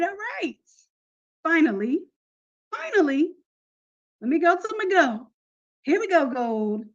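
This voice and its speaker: A woman with a high voice leads a live online class in a loose, chatty way, full of slang and direct asides to her students. Her tone stays upbeat and informal. The audio sounds a little muffled and lo-fi. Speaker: online course instructor. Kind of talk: casual live class talk.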